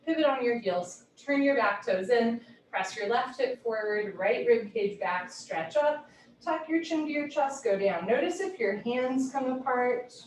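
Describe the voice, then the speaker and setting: A woman teaching a live yoga class from home, giving brisk, clipped posture cues with a light, playful touch. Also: a little high, expressive, a little hiss or hum. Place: home room. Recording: roomy echo, heard from a distance.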